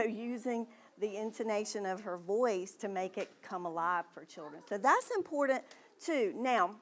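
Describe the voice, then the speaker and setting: A woman giving an early literacy presentation to parents in a library meeting room. She explains patiently and models letter sounds aloud. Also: medium pitch.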